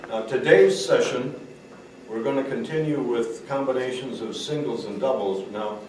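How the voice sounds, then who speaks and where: A man's voice: mid-range voice, moderate pace, a little mellow. A man teaching drum rudiments in a recorded lesson, patiently explaining and counting out rhythms. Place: room with drum kit. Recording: roomy echo, distant mic, noisy.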